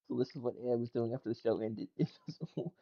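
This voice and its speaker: A man's voice: mid-range voice, moderate pace, breathy edge, muffled recording. A man casually reacting to gaming clips and tweets, laughing often and swearing loosely. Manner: laughs a lot, loose and profane. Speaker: gaming news streamer.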